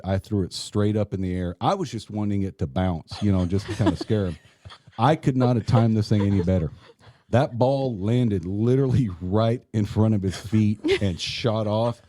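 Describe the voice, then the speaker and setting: A man's voice: on the low side, normal speed, dark tone. A middle-aged man, a retired police officer, telling a funny work story in casual chat and laughing as he goes.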